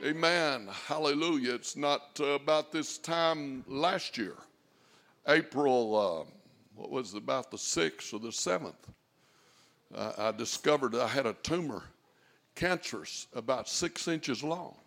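A man preaching a fervent sermon, rising to shouts and dropping to a hush. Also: mid-range voice, expressive, a little slow, gravelly. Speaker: pastor.

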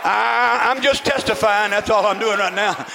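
An older man, a preacher, giving a fervent sermon testimony, peppered with amens and rising to shouts. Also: sits high, moderate pace, creaky, crowd noise, noisy background.

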